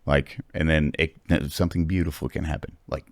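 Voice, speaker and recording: A man in his thirties hosting a podcast, telling stories in casual chat with lots of swearing and loud acted-out quotes. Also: extremely low pitch, fairly quick, no room sound, clean studio sound. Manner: animated storytelling, heavy swearing, acts out quotes loudly. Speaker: podcast host.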